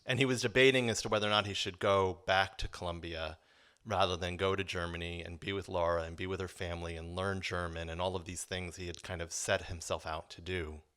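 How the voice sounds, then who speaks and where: Male storyteller, deep voice with a bright edge, thoughtful and earnest, live personal story. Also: fairly even intonation, a little fast, smooth. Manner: reflective, earnest, many um fillers.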